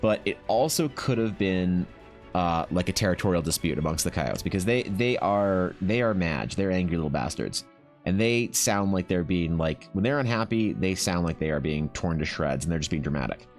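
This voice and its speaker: A young Canadian man with a deep, low voice rambles through a story for his live stream chat. He swears freely, restarts his sentences and leans on fillers, and faint music plays behind him. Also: lively intonation, normal speed.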